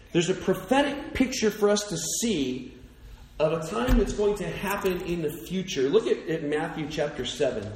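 Male pastor, sermon delivery, higher voice, roomy echo, big dynamic swings. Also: slight background noise. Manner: dynamic preaching, soft and low in hushed passages, rising to near-shouts.

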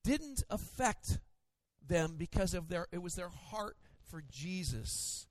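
A male pastor preaching a sermon, storytelling in an animated way with playful mimicry. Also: high-pitched, takes it slowly, no echo.

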